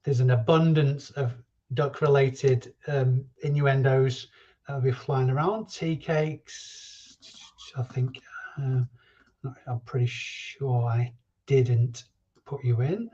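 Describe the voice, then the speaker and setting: Jokey stream host reading chat names, mellow voice, slightly muffled home recording. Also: male voice, medium pitch, fairly even intonation, slow pace. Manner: chatty and jokey, reading viewer names aloud. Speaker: reseller livestream host. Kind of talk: casual live-stream chat.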